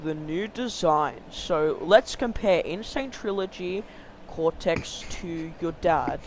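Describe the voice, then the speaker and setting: A man's voice: a little high, takes it slowly, noisy background. A man co-hosting a casual game podcast, rambling with lots of fillers and pushing to stay on topic. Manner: rambling, filler-heavy, keeps steering back to topic. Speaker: podcast co-host. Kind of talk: casual chat about video games.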